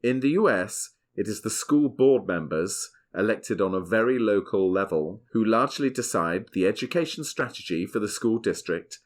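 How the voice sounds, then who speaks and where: A middle-aged man, hosting a podcast with measured, scripted explanation. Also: fairly low pitch. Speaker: podcast host. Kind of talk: scripted podcast narration and family chat.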